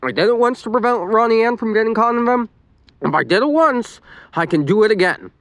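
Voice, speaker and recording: A man's voice: high voice, animated, a little fast, a bit bright, dry recording, pitched above the performer's own voice. A man voicing a brave young boy who speaks in a resolute way. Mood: determined.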